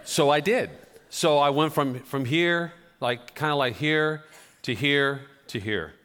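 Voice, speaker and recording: A pastor preaching a sermon, telling conversational, self-deprecating stories. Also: male voice, on the high side, slow pace, fairly bright tone. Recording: long reverb of a church hall.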